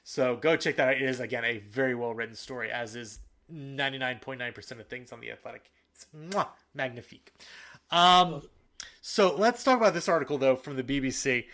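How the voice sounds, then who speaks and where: A man co-hosting a soccer podcast in casual talk, animated and fired up, with frequent fillers and restarts. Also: medium pitch, a little fast. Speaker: podcast co-host.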